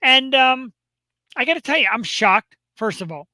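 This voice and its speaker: A man co-hosting a live talk show, chatting casually and jokingly with bursts of excitement. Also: very high-pitched, normal speed, dry recording, poor audio. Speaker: co-host. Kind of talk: casual chat.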